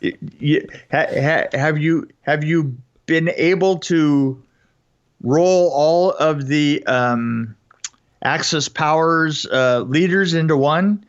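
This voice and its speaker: A man co-hosting a podcast, speaking haltingly with many fillers as he reviews a film. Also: on the high side. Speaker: podcast co-host. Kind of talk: casual film review chat. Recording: dull lo-fi audio.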